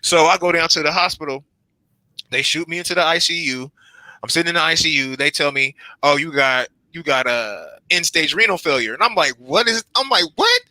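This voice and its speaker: A young man telling his own hospital story on a panel, lively and acting out his reactions in quoted lines. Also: fairly high pitch, a little fast, no room sound, poor audio. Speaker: transplant patient on a panel. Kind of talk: animated personal storytelling.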